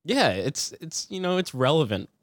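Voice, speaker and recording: A man's voice: a little high, sing-song, normal speed, dry recording, studio quality. Rambling, chuckling man co-hosting a podcast. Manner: rambling, filler-heavy, chuckling. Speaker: podcast co-host. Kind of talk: casual movie-review chat.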